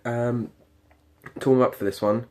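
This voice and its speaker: A man's voice: mid-range voice, steady tone, a little slow, a little mellow. A young man with a British accent talking casually about his singing practice in a rambling, hesitant way. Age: late teens. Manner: rambling, hesitant, many ums and restarts. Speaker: performing arts student. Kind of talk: casual video diary.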